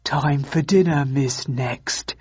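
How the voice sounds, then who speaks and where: A woman voicing a gloating, menacing male vampire who speaks in a slow, sneering way. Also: very deep voice, a little mellow, breathy edge, pitched below the performer's own voice, exaggerated voice. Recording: dull lo-fi audiobook recording.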